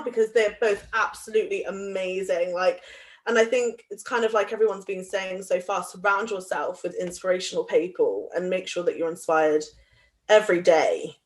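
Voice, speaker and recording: A young woman from Somerset in England talks as a guest on a live show. Her delivery is loose and chatty, laced with self-deprecating asides and filler words, at an ordinary pitch. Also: moderate pace. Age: young adult. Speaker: guest speaker. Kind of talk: casual talk.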